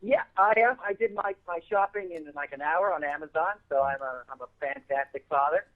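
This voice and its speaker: A man's voice: fairly high pitch, fairly quick. A man, a guest actor on the show, chatting casually and rambling with lots of restarts. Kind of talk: casual chat. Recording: phone-line audio.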